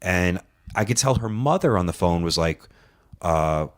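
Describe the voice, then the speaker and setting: A man with a low voice telling a long, rambling story in casual talk. He runs a wrestling show and acts out the lines of the people in his story. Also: lively intonation, unhurried. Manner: rambling anecdote, acting out other people's lines.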